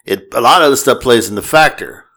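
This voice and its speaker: A man's voice: medium pitch, expressive, quick pace, bright, forceful tone. A man in his fifties on a podcast, telling casual family stories and acting out the voices with a laugh. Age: 50s. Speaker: podcast host. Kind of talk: casual storytelling chat.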